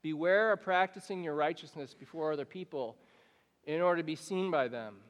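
Man, pastor, high-pitched, animated conversational sermon, long hall echo. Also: brisk, highs cut off. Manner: animated, conversational preaching with acted-out examples.

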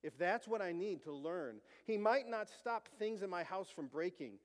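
Middle-aged male pastor, high voice, earnest storyteller, sermon in a reverberant sanctuary. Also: expressive, normal speed. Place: church sanctuary. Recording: long church reverb.

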